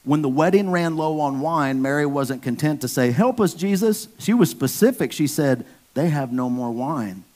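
A man's voice: on the high side, expressive, normal speed, few pauses, a little mellow. A man preaching a casual sermon, slangy and joking, talking straight to the congregation. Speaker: pastor.

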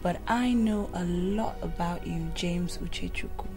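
A woman's voice: lowish voice, a little slow, over music. A young woman playing a confident daughter of privilege who teases a young man. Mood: teasing. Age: young adult. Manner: confident, teasing. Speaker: Senate President's daughter. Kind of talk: Nollywood film acting.

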